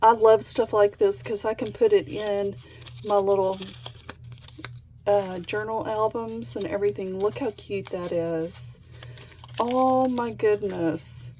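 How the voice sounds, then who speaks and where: A woman hosting a craft vlog, gushing with excitement in a casual chat as she unboxes things. She speaks at an unhurried pace, with a clear hum of background noise in her home room. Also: medium pitch, poor audio. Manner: gushing, excited, gasps and laughs often. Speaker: craft channel host.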